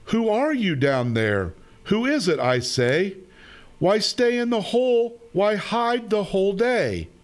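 A man voicing a curious, friendly male bear in a children's story, with a high, eager, questioning voice. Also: exaggerated voice. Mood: pleading.

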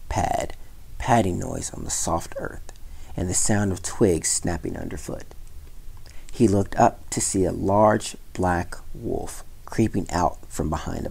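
Gravelly low-voiced man reading a story. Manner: lively storyteller with sound-effect voices. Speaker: community center director. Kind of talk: storybook read-aloud.

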